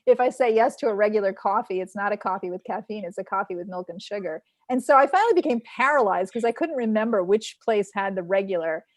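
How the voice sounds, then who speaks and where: Woman, lively storyteller, dry close sound, casual chat. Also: mid-range voice, quick pace, few pauses, no room sound. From Long Island, New York. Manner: animated storyteller acting out quotes.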